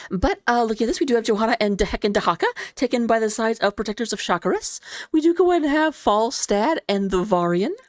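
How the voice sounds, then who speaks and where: Giggly lady casting a game match, kinda high voice, super laid back and rambly, dry no-echo sound. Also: quick pace, few pauses. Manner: relaxed, lounging low in a chair. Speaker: esports caster. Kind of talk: casual esports commentary.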